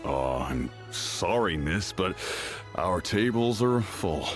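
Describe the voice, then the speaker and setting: A deep polite restaurant worker. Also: male voice, sing-song, takes it slowly, faint music behind, heavily acted. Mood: apologetic. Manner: apologetic, courteous. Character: polite male restaurant staffer. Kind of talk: game voice acting.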